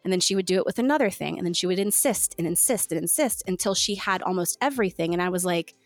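A woman telling her own story in casual conversation, candid and animated, now and then slipping into the voices of the people she quotes. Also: on the low side, fast talker, no room sound. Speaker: guest sharing her story.

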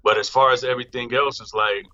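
A man, an actor being interviewed, telling stories from a shoot in a casual, animated way, acting out quotes and laughing often. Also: medium pitch, quick pace, no echo, highs cut off.

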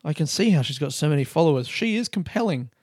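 A man's voice: on the high side, lively intonation, quick pace, a little mellow, no echo, clean studio sound. A man hosting a podcast, telling stories in a casual, sweary way and often laughing at himself. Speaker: podcast host. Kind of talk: casual storytelling chat.

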